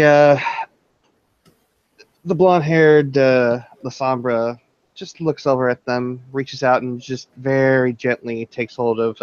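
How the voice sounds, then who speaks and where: A man as game master, narrating a tabletop role-play scene in measured storytelling with hesitant fillers. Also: mid-range voice, clear, resonant tone, no room sound, dull audio.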